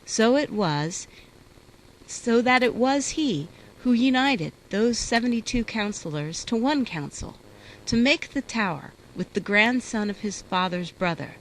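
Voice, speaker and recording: A woman reading an old translated text aloud in a measured, deliberate recitation. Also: on the high side, expressive, a little hiss or hum, low-quality recording. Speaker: reader.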